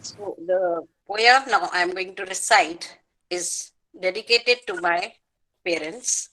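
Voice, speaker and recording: A woman from New Delhi, reciting her poem in a measured, formal way at an online open mic. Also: on the low side, bright, forceful tone, poor audio. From New Delhi, India. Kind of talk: poetry recitation. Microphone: video call.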